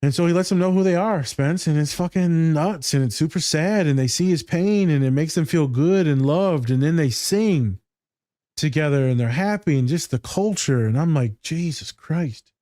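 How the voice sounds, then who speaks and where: A man's voice: a little high, moderate pace, dark tone, dry recording, clean studio sound. A man who works as a therapist, co-hosting a podcast in loose, profane chat, telling stories with lots of energy, swearing freely and laughing often. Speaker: podcast co-host.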